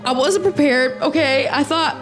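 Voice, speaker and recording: High-voiced, ranting young woman podcaster. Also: normal speed, soft background music. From United States. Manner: animated, exaggerated, swearing, ranting. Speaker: podcast host. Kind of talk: reading and reacting comedy.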